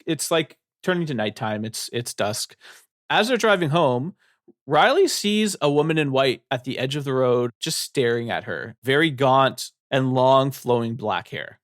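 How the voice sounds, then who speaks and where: A man's voice: medium pitch, fairly bright tone, no echo, studio quality. A man co-hosting a book podcast, retelling a horror novel's plot loosely, with lots of fillers. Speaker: podcast co-host. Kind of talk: casual book discussion.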